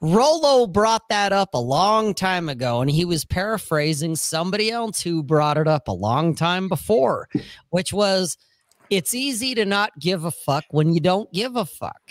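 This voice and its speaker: Slow, lively-pitched blunt storyteller man. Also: no room sound. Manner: blunt, profane storytelling with frequent "okay?" check-ins. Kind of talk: casual podcast chat.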